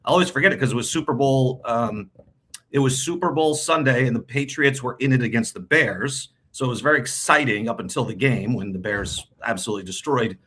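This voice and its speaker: A man's voice: medium pitch, brisk, fairly bright tone, breathy edge. A middle-aged man from New England, a team broadcaster chatting as a guest, rambling with lots of restarts and repeated words. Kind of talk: casual interview chat.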